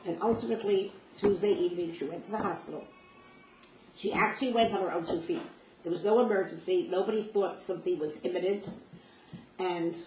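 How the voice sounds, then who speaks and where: A woman's voice: fairly low pitch, a little mellow. An older woman recounting personal memories as a vivid, emotional first-person story, acting out the dialogue. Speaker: speaker sharing personal memories. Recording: roomy distant mic with faint noise.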